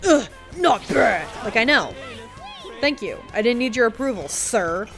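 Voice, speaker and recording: A woman livestreams a game and chats casually, rambling with sarcastic, profane asides. Her voice sits high. Faint game music plays behind her. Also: big pitch swings, unhurried, fairly bright tone. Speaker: game streamer. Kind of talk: casual gameplay commentary.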